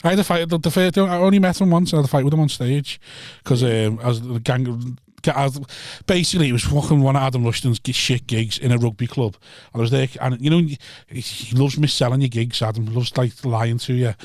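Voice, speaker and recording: A man's voice: medium pitch, steady tone, brisk, few pauses, a little mellow, dry recording, clean studio sound. A man, a stand-up comedian telling rambling, sweary stories in a casual podcast chat.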